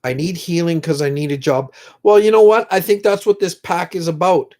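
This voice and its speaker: A man's voice: fairly high pitch, a little mellow. A middle-aged man hosting a casual livestream, chatting with viewers in a rambling, heartfelt way and reading their comments. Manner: slow, rambling, emotional, prays aloud with viewers. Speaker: livestream host.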